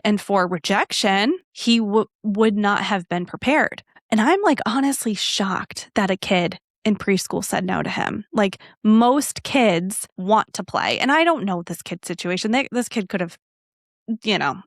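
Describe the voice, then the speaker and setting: A woman hosting her own podcast, talking in a chatty, animated way and slipping into the voices of people in her story. Her voice sits at a middle pitch for a woman. The recording is dry and close, with no room sound. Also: dry recording. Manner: animated, acts out quoted dialogue; chatty with frequent fillers and asides. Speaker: podcast host. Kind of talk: casual solo podcast storytelling.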